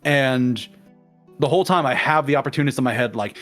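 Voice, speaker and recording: A man's voice: medium pitch, a little fast, soft background music. A man talking casually with a friend, retelling his playthrough at length. He drops into the characters' voices for quotes, then slips back into plain narration. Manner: animated storyteller acting out quotes. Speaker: guest in a game discussion. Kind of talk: casual conversation.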